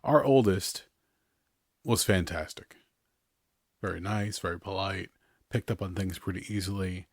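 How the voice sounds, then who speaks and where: A man's voice: deep voice, fairly even intonation, unhurried, pauses often, dry recording, clean studio sound. A man hosting a podcast in a casual, rambling chat, often chuckling between his remarks. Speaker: podcast host.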